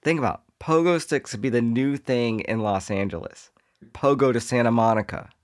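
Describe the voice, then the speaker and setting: A man hosts his own comedy podcast and talks alone into the mic. He riffs loosely from one joke to the next and drops into quick put-on voices for the people he imagines. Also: mid-range voice. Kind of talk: solo comedic monologue.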